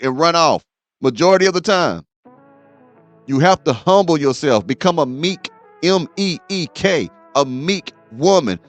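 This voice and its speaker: Reacting to a clip, this male host lectures his viewers and keeps tossing in "okay?" for emphasis. His voice is fairly high and a touch bright.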